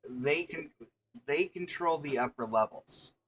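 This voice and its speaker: A man narrating as game master in a tabletop game, halting and restarting often with fillers. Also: on the high side, a bit bright, a little hiss or hum.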